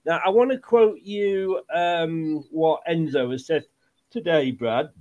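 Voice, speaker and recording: A man hosting a casual football podcast, chatty and quick to laugh. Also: a little high, darkish tone, lo-fi sound. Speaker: podcast host.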